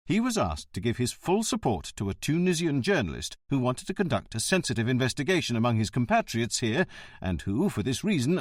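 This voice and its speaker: A man's voice: mid-range voice, no room sound, clean studio sound. A man voicing a polite, officious middle-aged government official explaining himself at length.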